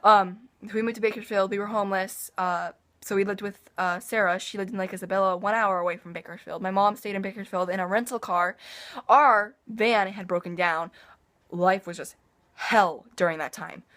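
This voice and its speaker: A woman's voice: medium pitch, steady tone, moderate pace, fairly bright tone. Rambling teenage girl vlogging. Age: teens. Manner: rambling storytelling with frequent sighs and asides. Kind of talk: casual personal vlog.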